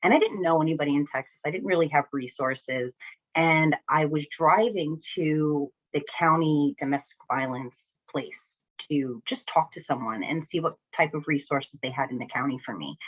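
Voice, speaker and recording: Earnest woman with a low, tinny voice. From New Jersey. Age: adult, a single mother. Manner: earnest, candid, often adds "right?" and "you know?". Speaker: vlogger sharing personal experience. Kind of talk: reflective personal talk. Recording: tinny phone-like audio.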